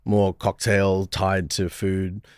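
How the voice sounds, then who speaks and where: A low-pitched man talks through his stories as a podcast guest, circling back and repeating words as he goes. His voice is close and dry, with no room sound around it. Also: monotone, takes it slowly, darkish tone, clear, resonant tone, dry recording. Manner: storytelling, lots of restarts and repeated words. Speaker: podcast guest, hospitality strategist. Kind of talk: casual interview chat.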